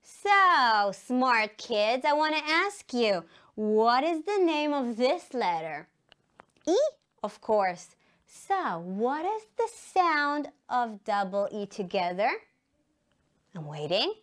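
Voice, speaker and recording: A woman with an Israeli accent, an English teacher giving a slow, emphatic lesson to young children and enunciating words for them to repeat. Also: on the high side, very animated, a bit bright. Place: studio.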